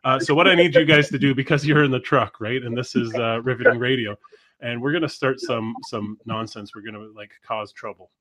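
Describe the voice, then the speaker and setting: A man's voice: mid-range voice, a little fast, a bit bright. A man hosting a live talk show, joking and rambling in casual chat. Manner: joking, rambling, laughs often. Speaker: host.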